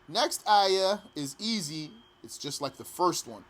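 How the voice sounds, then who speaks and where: A man teaching pronunciation patiently, repeating each phrase slowly and sometimes chanting it. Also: a little high, lively intonation, fairly bright tone. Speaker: recitation teacher. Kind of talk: pronunciation lesson.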